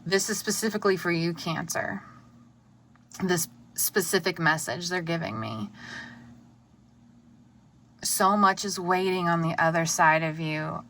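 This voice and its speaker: A woman giving an intuitive tarot reading to camera, earnest and soft-spoken, with many pauses and fillers. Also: on the low side, steady tone, slight background noise. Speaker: tarot reader.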